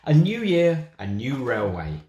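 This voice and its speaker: A man's voice: mid-range voice, huge pitch swings, unhurried, warm tone, roomy sound, muffled recording. A man voicing a proud, boastful male train engineer in a storybook reading. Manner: cheerful, bragging.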